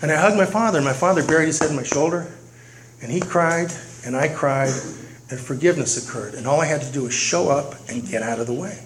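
A middle-aged man speaks at a recovery meeting, earnestly telling his story and repeating key phrases for weight. His pitch is fairly high and his pace quick, on a noisy recording with clicks.

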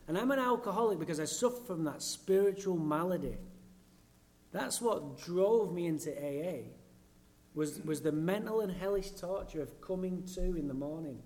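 A man's voice: on the high side, dark tone. A man from England with an English accent, giving a blunt, profane and self-mocking personal talk at a recovery meeting.

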